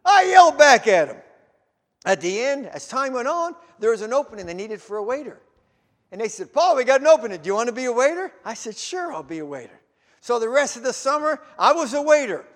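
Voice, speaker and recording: Man preaching, very high voice, animated storyteller, long church-hall echo. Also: brisk. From Canada. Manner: animated storytelling, rising to shouts. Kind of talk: sermon with personal story.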